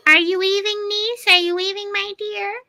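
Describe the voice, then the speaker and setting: A woman voicing a bony, greedy old witch with a high, screeching, sing-song call. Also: flat delivery, moderate pace, creaky, bright, forceful tone, full character voice.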